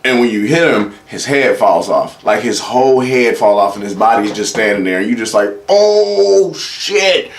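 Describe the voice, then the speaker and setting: In an echoey room with faint background noise, a comedy podcast host talks fairly fast in a lowish voice, hardly pausing. His casual solo show is rambling and profane, aimed straight at the audience, with quoted voices acted out.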